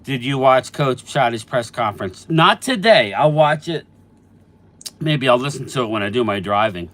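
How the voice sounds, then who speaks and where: A man's voice: medium pitch, animated, normal speed, a bit bright. Chatty man hosting a sports live stream. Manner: chatty, reads out viewer names and replies. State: stuffy from allergies. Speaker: sports channel host answering live chat. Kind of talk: casual live-stream chat.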